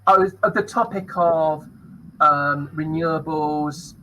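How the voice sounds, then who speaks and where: A man's voice: fairly high pitch, steady tone, takes it slowly, sharp tone, a little hiss or hum, poor audio. A man hosting a panel discussion, moderating in a friendly, loose, chatty way over a video call. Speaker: podcast host.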